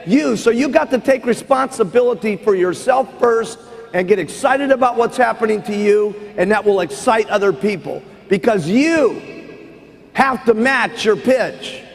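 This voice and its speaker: A man's voice: sits high, lively intonation, measured pace, creaky. A man giving a motivational seminar speech as a business trainer, emphatic and forever asking "okay?". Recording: long hall reverb.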